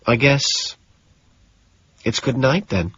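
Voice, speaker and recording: A man voicing a quiet, polite young woman, speaking softly and hesitantly in an audiobook. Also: medium pitch, lively intonation, slow, husky, no room sound, highs cut off, voice pushed up, exaggerated voice.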